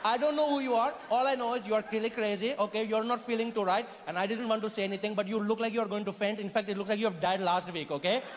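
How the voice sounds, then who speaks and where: A man's voice: sits high, fairly even intonation, quick pace, hardly any pauses, long reverb tail, pitched above the performer's own voice, close to an everyday voice. A man playing an unimpressed man, blunt and teasing. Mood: mocking.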